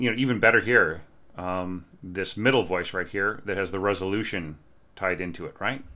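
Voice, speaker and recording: A man teaching orchestration, talking through a student's score in a relaxed, conversational way, often asking "right?" and singing phrases on syllables. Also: fairly low pitch. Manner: conversational, keeps checking with "right?", sings phrases as "da, da" and "bum, bum". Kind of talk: informal music lesson.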